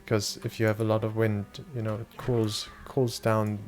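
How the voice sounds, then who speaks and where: A man's voice: on the low side, monotone, moderate pace, darkish tone. A young German man chatting loosely with his viewers while playing a game, swearing casually and answering chat questions. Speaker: streamer. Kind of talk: casual live-stream chat.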